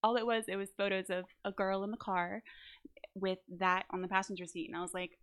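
A woman telling a story on a podcast in an ordinary, mid-pitched voice. She talks in a casual, animated way, acting out what people said and laughing as she goes. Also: fairly quick. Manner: animated storyteller, acts out quotes, laughs often. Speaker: actor guest. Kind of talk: casual anecdote. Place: New Orleans.

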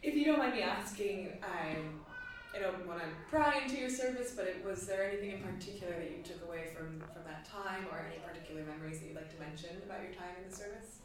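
A woman's voice: lowish voice, fast, background noise. Distant woman interviewer in echoey room. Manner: polite, tentative questions. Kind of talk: oral history interview.

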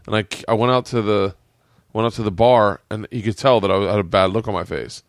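A man's voice: lowish voice, a little fast, no echo, studio quality. A man hosting a casual podcast chat, telling rambling stories, swearing freely and often restarting his sentences. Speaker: podcast host and comedian. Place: home podcast room.

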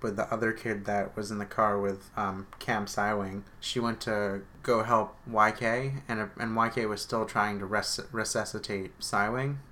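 A man's voice: on the low side, little pitch movement, a little slow, few pauses, pushed and bright. A man chatting casually on a podcast, walking through what happened in an episode. He rambles, restarts his sentences and stops to correct details along the way. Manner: rambling, corrects himself often. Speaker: podcast co-host. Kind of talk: casual episode recap chat.

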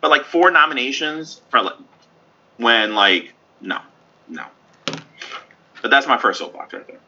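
A man co-hosting a gaming podcast, talking casually and ranting in animated asides. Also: mid-range voice, a little slow, a little hiss or hum. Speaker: podcast co-host. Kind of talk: casual chat. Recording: dull lo-fi audio.

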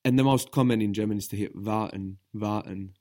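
A man's voice: fairly low pitch, fairly even intonation, very fast, warm tone. A man teaching a spoken language lesson, patiently explaining and modeling each word carefully.

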